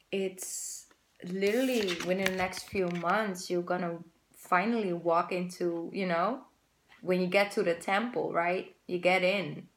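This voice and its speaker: A woman's voice: on the low side, echoey room. A woman giving a casual tarot reading to her viewers, chatty and rambling, with the odd swear word. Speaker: tarot reader.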